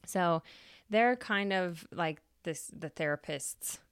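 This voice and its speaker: Chatty, low-voiced woman storyteller. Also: expressive, slow pace, clean tone, no room sound, studio quality. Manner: chatty, swears freely, laughs. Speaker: podcast host. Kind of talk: casual storytelling.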